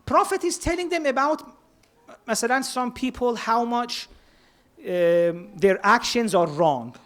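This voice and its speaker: A man's voice: very high-pitched, expressive, a little slow, fairly bright tone. Earnest man preaching. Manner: earnest, mixes Persian words into English. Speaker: speaker at a religious centre. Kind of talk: sermon.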